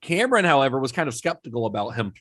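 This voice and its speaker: A man's voice: mid-range voice, very fast. A man co-hosting a casual film podcast, recounting production history at an easygoing pace with occasional fillers. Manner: relaxed storyteller with occasional fillers. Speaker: podcast co-host. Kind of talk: casual chat.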